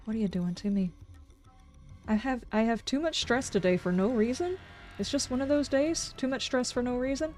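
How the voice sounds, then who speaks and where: A woman's voice: a little high, normal speed, a little mellow, soft background music. A woman game streamer chatting casually on a livestream, ranting in exasperation with sarcastic asides.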